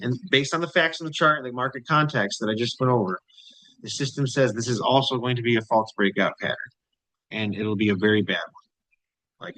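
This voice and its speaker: A man's voice: medium pitch, bright, forceful tone, dry recording, poor audio. A man hosting a trading channel, talking casually through charts. He repeats phrases for emphasis and keeps checking in with "right?" and "you know".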